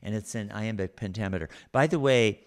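A man giving a recorded lecture over slides, explaining at an unhurried pace with frequent pauses. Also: on the low side.

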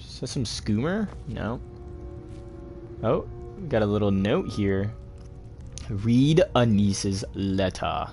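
Laid-back young man narrating a playthrough, low gravelly voice, game music behind. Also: a little mellow. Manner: laid-back, chatty, talks to the viewer. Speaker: gaming host. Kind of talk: casual gameplay commentary.

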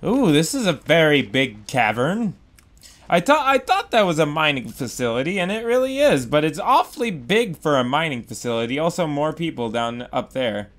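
A man's voice: on the high side, big pitch swings, moderate pace, fairly bright tone. A man giving casual commentary over his own game playthrough, goofy and rambling, exclaiming at what happens on screen. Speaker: Let's Play gamer.

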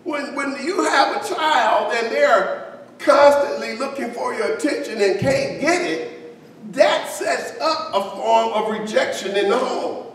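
Male pastor, high-pitched and slow-paced, chatty sermon delivery with asides to the congregation, recorded from a distance in an echoey church with faint hiss. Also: a bit bright. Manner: conversational preaching with asides to the congregation.

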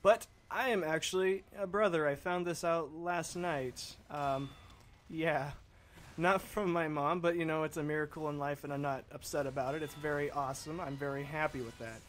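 A man's voice: a little high, fairly even intonation, normal speed, fairly bright tone, a little hiss or hum. A young man chatting in casual, rambling commentary, easily sidetracked and talking straight to his viewers. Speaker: gaming video commentator.

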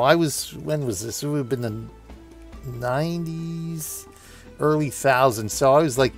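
In his forties, this gaming video host rambles through a long anecdote while he plays, laughing as he goes. His mid-range voice carries vocal fry, and he's chatty, restarting his sentences again and again.

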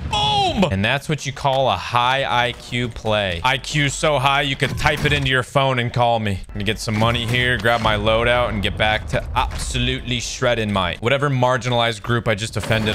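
A man giving excitable, joking gameplay commentary with sarcastic trash talk while playing a shooter game. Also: mid-range voice, noisy background. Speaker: gaming video creator. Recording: loud game gunfire behind voice.

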